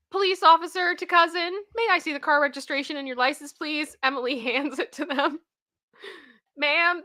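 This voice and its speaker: Bright, animated woman reading stories. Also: fairly high pitch. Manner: animated, reads quotes aloud with outbursts of disbelief and laughter. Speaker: host reading and reacting to stories. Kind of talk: casual commentary.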